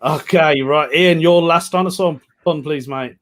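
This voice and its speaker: A man hosting an online pun competition over a video call, with a voice pitched a little higher than most. He is chummy and laughs easily, and he calls the contestants mate. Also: measured pace, a bit bright. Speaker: host.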